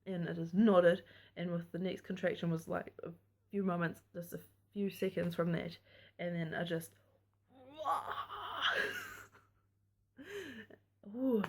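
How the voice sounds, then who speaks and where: A woman's voice: lowish voice, level tone, moderate pace, a little mellow. Candid, chatty young woman vlogger. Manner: candid and chatty, frank about intimate details. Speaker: vlogger telling her birth story. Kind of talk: casual personal storytelling to camera.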